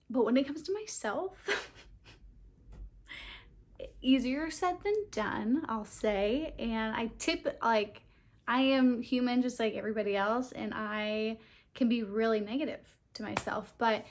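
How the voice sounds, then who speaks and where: This is a new vlogger, a young woman sharing earnestly with her camera; she laughs a lot and occasionally gets teary. Her pitch is fairly high and she never rushes.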